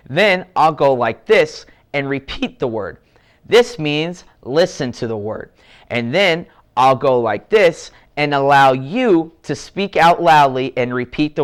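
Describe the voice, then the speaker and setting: A man leads a children's language lesson with a slightly high, smooth and clear voice. He talks at an unhurried pace and stretches out each word he wants repeated. He keeps up a steady, encouraging tone toward his young learners. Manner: encouraging, slow and deliberate with drawn-out model words. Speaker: teacher for children.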